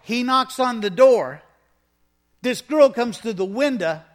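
A man preaching a sermon, telling a story with animated delivery and acting out the scenes. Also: very high-pitched, takes it slowly. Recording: echoey hall reverb.

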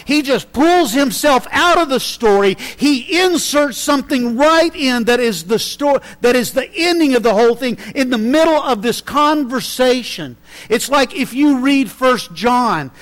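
A preacher with a high-pitched voice delivers a sermon. He drops to near-whispers, then rises to excited, loud bursts as he acts out quoted speech. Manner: dramatic swings between hushed and loud, acts out quotes.

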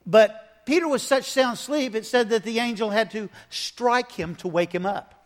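A man preaching a sermon, telling a story with animated delivery and acting out the scenes. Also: high voice, normal speed. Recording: echoey hall reverb.

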